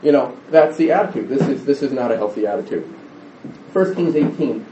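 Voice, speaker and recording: A man's voice: medium pitch, animated, brisk, mellow, echoey room, recorded from a distance, highs cut off, a little hiss or hum. A middle-aged man preaching a conversational sermon, rambling with restarts and stories.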